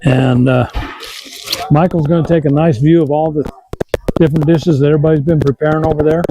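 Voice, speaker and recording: A man hosting an outdoor cooking vlog, talking in a relaxed, folksy way while he works on a windy campsite. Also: fairly high pitch, a little fast. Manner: relaxed, folksy, thinking aloud. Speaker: cooking channel host. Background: wind noise.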